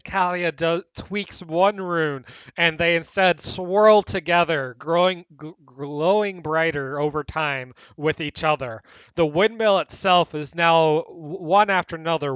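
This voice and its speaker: A man's voice: a little high, a bit bright, clear, resonant tone, no echo, highs cut off. A man running a tabletop fantasy game as game master, describing scenes and explaining rules in an upbeat way.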